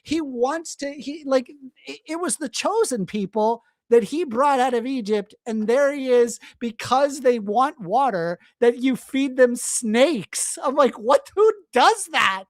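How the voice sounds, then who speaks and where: A live stream co-host telling stories in a casual, animated and profane way. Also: high-pitched, a little slow, few pauses, no room sound, studio quality. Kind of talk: casual debate review chat.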